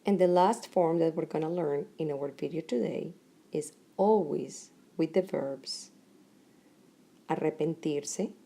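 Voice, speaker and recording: A middle-aged woman teaching a Spanish grammar lesson in English, speaking deliberately in short phrases with pauses between them. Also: low-pitched, vocal fry, dark tone.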